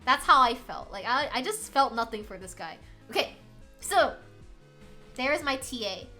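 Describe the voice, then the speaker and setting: A young adult woman streaming, telling a story in a casual, animated chat full of filler words. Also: fairly high pitch, normal speed, soft background music.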